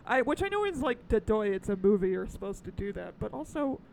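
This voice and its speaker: A woman's voice: mid-range voice, fairly quick, gravelly, slight background noise, rough recording. A woman co-hosting a casual podcast chat, talking animatedly, cursing freely and laughing often. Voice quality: tall. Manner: animated, swings to loud squealing bits. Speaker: podcast co-host. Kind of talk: casual chat reviewing a movie.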